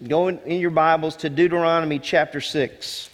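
A man's voice: a little high, steady tone, moderate pace. A male senior pastor preaching a sermon in a church, emphatic, repeating key words and asking rhetorical questions. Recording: long hall reverb.

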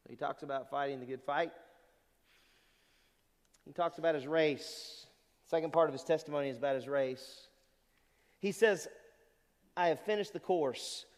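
Male pastor, high and animated delivery, sermon in a church with long reverb. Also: moderate pace, pauses often. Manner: animated preaching, rhetorical questions to the congregation.

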